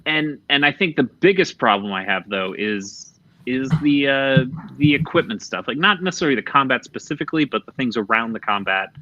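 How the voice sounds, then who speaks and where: A man with a mid-range voice hosts a laid-back gaming podcast, speaking candidly, swearing freely, and drifting off mid-thought. His delivery is fairly quick, lively, bright, and forceful. The audio is dull and slightly lo-fi.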